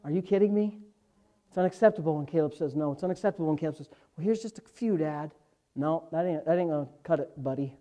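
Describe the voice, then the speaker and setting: High-voiced impassioned male pastor. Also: quick pace. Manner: impassioned, swells from low asides to loud, high exhortation. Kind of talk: preaching a sermon.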